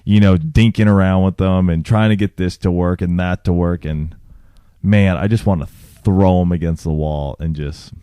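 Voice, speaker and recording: A man in his thirties talks in a very low, mellow voice that is hoarse from a sore throat. He rambles casually and vents his frustration as he co-hosts a podcast. The recording is dry and close. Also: steady tone, moderate pace, no room sound. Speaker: podcast co-host. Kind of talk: casual chat.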